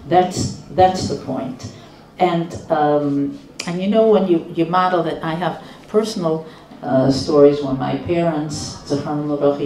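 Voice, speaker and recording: Older woman, rebbetzin, unhurried storyteller with a lowish mellow voice; roomy, distant recording. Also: slight background noise. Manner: slow, measured, with frequent restarts. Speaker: rebbetzin giving a talk. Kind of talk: storytelling lecture.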